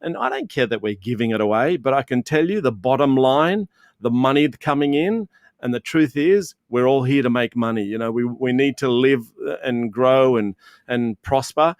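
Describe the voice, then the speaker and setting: Animated man in his fifties. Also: mid-range voice, moderate pace, no room sound, studio quality. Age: 50s. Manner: animated, self-described clown, laughs often. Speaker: guest. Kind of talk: casual storytelling chat.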